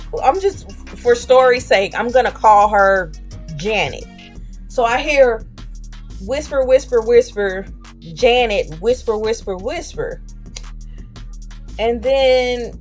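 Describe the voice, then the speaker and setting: A woman streamer with a slightly high, somewhat mellow voice tells a story casually and chattily. She acts out the voices of the people in it using slang.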